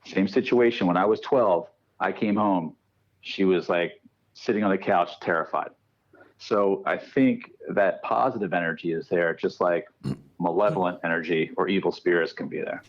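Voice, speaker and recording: Animated male guest telling ghost stories. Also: low voice, moderate pace, highs cut off. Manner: animated, acts out quoted dialogue. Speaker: podcast guest, paranormal researcher. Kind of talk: casual storytelling.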